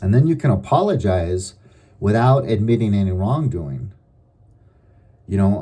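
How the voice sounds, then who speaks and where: A middle-aged man giving advice in a calm, measured, deliberate monologue. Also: sits low. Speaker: advice vlogger.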